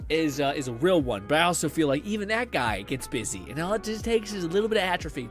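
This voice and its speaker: A man's voice: fairly high pitch, sing-song, fast talker, hardly any pauses, faint music behind. Rambling, swearing young male streamer. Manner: rambling, profane, laughs often. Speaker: livestream host. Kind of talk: casual gaming stream chat.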